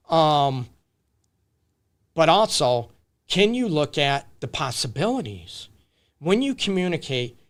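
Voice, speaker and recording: A man's voice: on the high side, a bit bright. A man counseling on relationships during a casual live-stream Q&A, talking off the cuff and often checking in with "right?" and "you get me?". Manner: loose, with restarts and fillers, speaking off the cuff.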